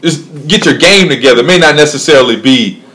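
A man's voice: a little high, animated, fairly quick, sharp tone, poor audio. Casual male co-host, rambling, laughs easily. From Charlotte, North Carolina. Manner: rambling, laughs often, restarts. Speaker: podcast co-host. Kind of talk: casual chat.

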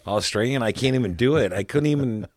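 A man's voice: mid-range voice, quick pace, darkish tone. A man with a Michigan accent co-hosting a casual podcast chat, emphatic and slangy, calling people man and dude. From Michigan, USA. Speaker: podcast co-host.

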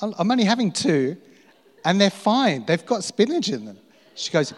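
A man's voice: sits high, sing-song, moderate pace. A middle-aged man preaching a sermon, telling stories about himself with self-mocking humor and frequent laughter. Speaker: pastor. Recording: long hall reverb.

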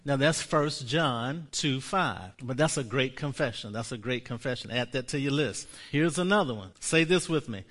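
A man preaching a sermon, leading the congregation in slow, emphatic spoken confessions and building to loud, fervent passages. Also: mid-range voice, expressive. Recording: long hall reverb.

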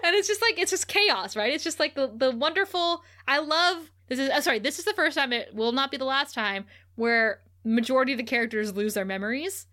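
Bright-voiced, giggly woman recapping. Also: sits high, brisk, hardly any pauses. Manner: animated, giggly storytelling. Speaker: podcast co-host. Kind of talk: casual TV episode recap chat.

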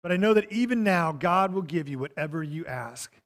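A man preaching a sermon, emphatic and repetitive, dropping to a softer tone for quoted scripture. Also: fairly high pitch, animated, fairly quick. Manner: emphatic, repeats phrases, drops to soft tones for quotes. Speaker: pastor.

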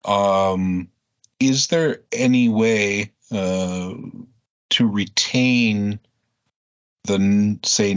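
A man with a very deep voice asks a question loosely and conversationally. He often checks in with a quick "right?" along the way. The call audio is dull and lo-fi. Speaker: pilot asking a question. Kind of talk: meeting Q&A. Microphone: video call.

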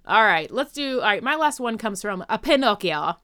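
A woman's voice: mid-range voice, animated, moderate pace, bright, forceful tone, clear, resonant tone, dry recording, clean studio sound. A woman co-hosting a podcast in a chatty, casual way, laughing easily. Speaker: podcast co-host.

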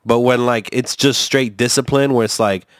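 A man's voice: medium pitch, fairly even intonation, moderate pace, clear, resonant tone, no echo, studio quality. A man rambling through a casual podcast chat, swearing often and restarting his sentences with lots of fillers. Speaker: co-host reacting to a video.

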